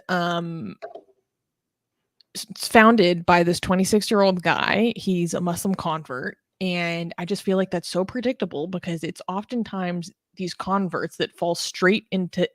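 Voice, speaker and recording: Sarcastic low-voiced woman co-host. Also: dry recording, studio quality. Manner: sarcastic, laughs often, many fillers. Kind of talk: casual political chat.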